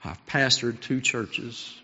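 Middle-aged man, pastor preaching, fervent and swinging loud to hushed, dull echoey hall sound. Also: medium pitch, slow pace, slightly rough. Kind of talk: sermon.

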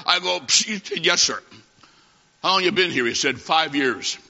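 A man preaching a humorous sermon, telling a comic story and acting out the dialogue with lively timing. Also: high voice, normal speed, creaky. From half Italian. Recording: dull recording in a long-echoing hall.

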